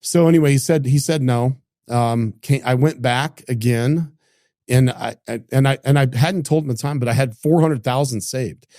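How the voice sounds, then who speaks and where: A middle-aged man from Idaho, a business founder telling a story in casual conversation, acting out what people said, with lots of quick restarts. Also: medium pitch, no echo, studio quality. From Idaho, United States. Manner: animated, acts out quoted dialogue, frequent restarts. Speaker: entrepreneur guest.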